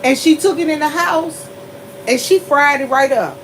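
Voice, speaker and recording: Animated woman telling a story. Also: normal speed, slight background noise, poor audio. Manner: animated, laughing often, shifts into high squeals. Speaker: vlogger. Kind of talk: casual storytelling to viewers.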